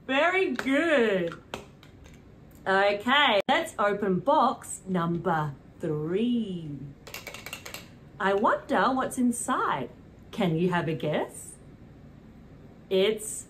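Young British woman for kids' lessons, high, lively sing-song delivery. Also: a little hiss or hum. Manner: slow, sing-song and animated, gasps and cheers. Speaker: children's presenter. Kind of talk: preschool teaching.

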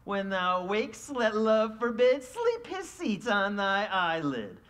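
A woman playing an impish, giggling sprite speaks with a lively, swooping voice that climbs high and drops low. The delivery is slow and theatrical, as on a live Shakespeare stage. She toys with every line like a trickster.

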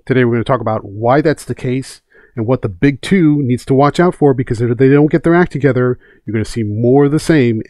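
A man hosting a comics commentary show, speaking in an emphatic, opinionated way and driving his points home by repeating them. His voice sits at an ordinary middle pitch for a man. The recording is dry and close, with no room echo. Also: darkish tone. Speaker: host of a comics commentary channel. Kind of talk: casual commentary.

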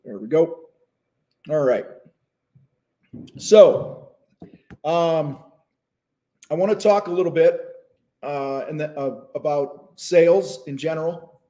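Male live-stream host, slightly high voice, loose rambling delivery with fillers and restarts. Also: slow, long pauses, dark tone. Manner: talks with his mouth full at times. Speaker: host of a live business show. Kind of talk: casual live-stream talk. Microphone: phone.

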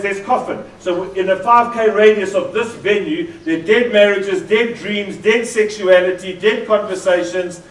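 A man from South Africa with a South African accent, preaching a lively sermon, joking and drawing in the congregation. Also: high voice, slight background noise. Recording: echoey hall from far off.

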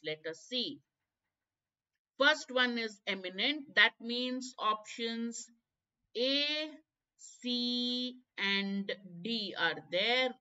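A woman with an Indian English accent leads a live exam-prep lesson, dropping in Hindi asides as she works through each question. Her voice is bright and slightly high. The stream sound is dull and lo-fi. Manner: explains step by step, code-switching into Hindi. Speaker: teacher.

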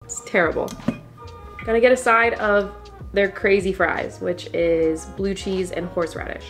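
Upset and in tears, a young woman speaks at a measured pace in a medium-pitched voice, vlogging casually to camera. She rambles with many fillers, and faint music plays in the background.

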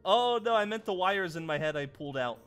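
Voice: medium pitch, lively intonation, fairly quick, a bit bright, soft background music, natural voice. A player voicing a scared ghost boy trapped inside a robot fox, stammering and repeating words in a playful game role-play. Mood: panicky. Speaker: roleplayer.

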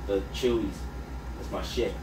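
Animated man swearing, roomy far-off sound. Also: fairly low pitch, a little slow. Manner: animated storyteller, profane slang, emphatic. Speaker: podcast co-host. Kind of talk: casual chat. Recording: roomy echo, off-mic, faint noise.

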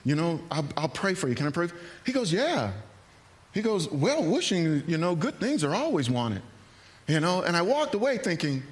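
A man preaching a sermon in a church, earnest and animated, acting out hesitant asides. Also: fairly high pitch, moderate pace. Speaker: pastor. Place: church sanctuary.

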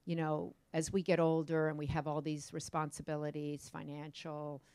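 Female interviewer, low-pitched, casual and rambling, lots of fillers. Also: level tone, moderate pace, warm tone, clear, resonant tone, no echo. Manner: loose rambling questions with many fillers.

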